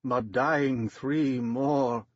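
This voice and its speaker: A man voicing a pale, dying male film actor who speaks weakly and haltingly, in a dry, slightly dull recording. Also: mid-range voice, fairly even intonation, dry recording. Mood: feeble. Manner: weak, faltering.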